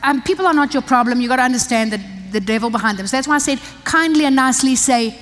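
Older female preacher, higher voice, emphatic and chatty, long hall reverb. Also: fast, a bit bright, slight background noise. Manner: emphatic, conversational preaching with asides. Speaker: pastor's wife preaching to women. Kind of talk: sermon. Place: church.

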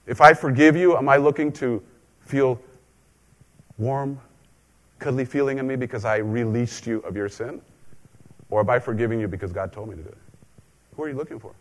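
A male pastor delivering a relaxed, conversational sermon at an ordinary pitch. He drifts into joking asides and repeats his key lines for emphasis. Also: moderate pace, pauses often.

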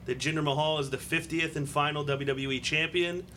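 A male podcast host chatting loosely about wrestling, laughing often between points. His voice is bright and a little high. A light hiss sits under the recording. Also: steady tone, a little fast. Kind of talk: casual wrestling podcast chat.

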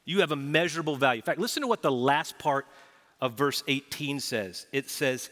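A man preaching a sermon to a congregation, lively and quick to act out little dialogues. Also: mid-range voice. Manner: animated preaching, acts out quoted dialogue. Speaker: pastor. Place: large church auditorium. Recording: live church hall reverb.

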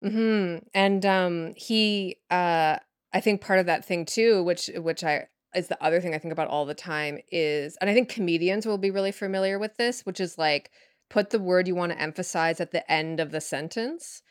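A woman writer chatting as a podcast guest, thinking out loud with lots of fillers and restarts. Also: fairly low pitch, moderate pace, clean tone, dry recording, clean studio sound. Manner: rambling, filler-heavy, thinks aloud. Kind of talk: casual interview chat.

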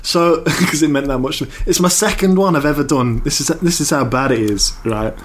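A man's voice: a little high, fairly quick, slight background noise. A man, co-hosting a podcast in casual chat and telling stories animatedly with frequent laughter. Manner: animated storyteller, laughs often. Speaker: podcast co-host.

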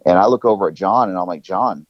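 Slangy man with a low, dull-toned voice. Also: very fast, no room sound. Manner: excitable, slangy, storytelling. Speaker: podcast co-host. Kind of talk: casual podcast chat.

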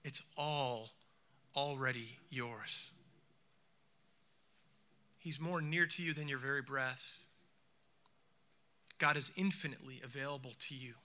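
A man preaching a reflective sermon who slows down and softens his voice for emphasis. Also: mid-range voice, fairly even intonation. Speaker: speaker.

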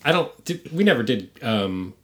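A man's voice: medium pitch, big pitch swings, moderate pace. A middle-aged man co-hosting a podcast in casual chat, wry, enthusiastic and self-deprecating. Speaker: podcast co-host.

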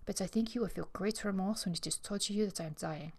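A woman's voice: medium pitch, quick pace, a little mellow, breathy edge. A woman reading the part of a dramatic, morbid eighteen-year-old French girl in a breathless, theatrical way.

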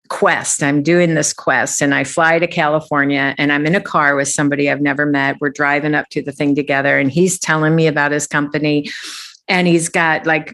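A middle-aged woman with a low, grounded voice, talking through her story in a relaxed interview. She is reflective and conversational and laughs easily as she goes. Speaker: guest, executive coach.

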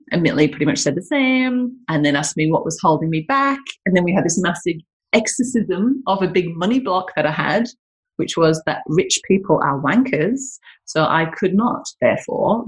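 In a rough recording, a woman with a lowish voice chats to camera from her home kitchen. She's a business owner and health coach, and her casual talk is packed with laughs and asides.

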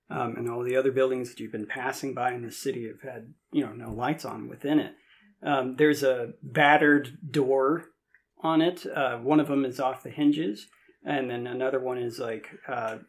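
A man running a tabletop game as game master, easygoing and halting while he works through the rules and describes the scene. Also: medium pitch. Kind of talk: casual game narration.

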